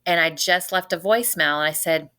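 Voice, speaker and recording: Podcast guest, woman, 40s, from North Louisiana; low-pitched, bright-edged delivery, earnest storyteller. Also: fairly quick. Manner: earnest, retells events by quoting everyone's words. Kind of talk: personal storytelling in casual conversation.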